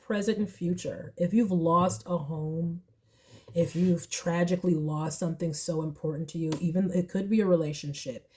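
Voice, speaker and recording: A young woman giving a casual tarot reading to camera, emotional and chatty, turning tearful, her voice swinging from soft and low to high and loud. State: tearful, crying at times. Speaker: tarot reader.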